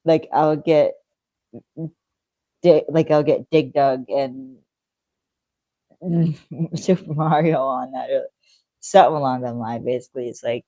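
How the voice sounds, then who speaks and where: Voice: mid-range voice, steady tone, unhurried, long pauses, dark tone, no room sound. A podcast co-host recapping a TV episode in casual chat, rambling with lots of fillers and acting out the characters' lines.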